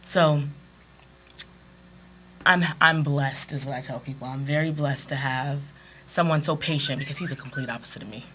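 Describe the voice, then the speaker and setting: Woman with a really low but bright voice, animated storyteller, casual interview chat. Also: moderate pace, pauses often, a little hiss or hum. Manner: animated storyteller who acts out quotes. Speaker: guest.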